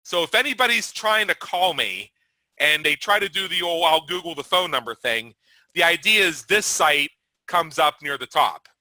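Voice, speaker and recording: A man's voice: on the high side, expressive, normal speed, bright, forceful tone, no room sound, poor audio. A man hosting a webinar presentation, talking through his scheduling page and answering questions in an upbeat, salesy manner. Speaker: webinar host.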